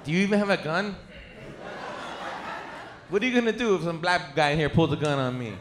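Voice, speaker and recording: A man doing a crude, animated stand-up comedy set on a club stage, slipping into put-on voices as he tells stories. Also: on the high side, a little fast. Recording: echoey club with noisy crowd. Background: audience laughter.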